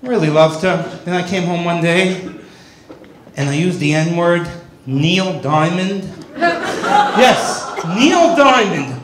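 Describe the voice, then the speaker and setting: A man delivers a wisecracking stand-up set from a comedy club stage. His voice sits unusually high, and his pitch moves in lively swings. The room is echoey. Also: takes it slowly, long pauses, background noise.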